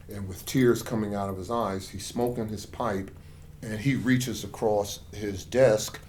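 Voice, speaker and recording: This middle-aged man from the United States is an author being interviewed, recounting his story with real passion and performing the dialogue he quotes. He speaks in a lowish voice at a measured pace, over slight background noise.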